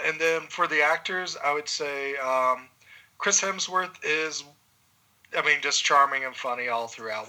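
Male co-host, very bright tone, loose rambling movie chat. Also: mid-range voice, low-quality recording. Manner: relaxed, rambling with many fillers. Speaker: podcast co-host. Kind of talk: casual movie review chat.

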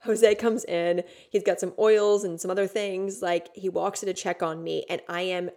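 A woman's voice: lowish voice, steady tone, normal speed, darkish tone. A woman hosting a podcast, telling a personal story candidly and emotionally, with frequent swearing. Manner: candid, profane, emotional retelling. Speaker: podcast host.

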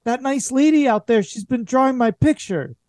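A man's voice: very high-pitched, normal speed, darkish tone, dry recording, studio quality, voice pushed up. Man putting on a chirpy ten-year-old boy. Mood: excited. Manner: eager, chattering. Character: excited young boy, about ten.

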